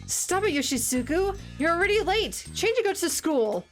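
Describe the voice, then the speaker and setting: A woman voicing a gentle, teasing widowed innkeeper in a light, playful tone. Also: extremely high pitch, sing-song, moderate pace, faint music behind, voice pushed up. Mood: scolding.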